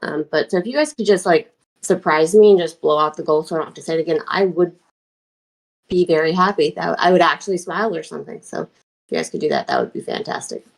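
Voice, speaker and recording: A woman's voice: deep voice, animated, fast talker, vocal fry, poor audio. A woman producing a live talk stream, speaking hesitantly with many ums as she asks viewers for gifts. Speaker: show producer. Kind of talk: casual live-stream chat.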